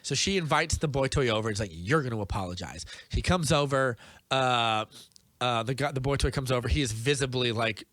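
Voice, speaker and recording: Male podcast co-host, casual rambling recap, mid-pitched voice, dry. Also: a little fast, a bit bright, dry recording. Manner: rambling, filler-heavy storytelling. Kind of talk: casual chat, movie recap.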